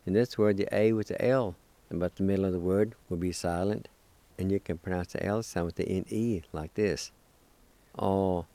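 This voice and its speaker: A man's voice: deep voice, fairly even intonation, fairly quick, mellow, no echo. A man teaching a recorded pronunciation lesson, spelling and sounding out words syllable by syllable, with a few encouraging words. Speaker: language teacher.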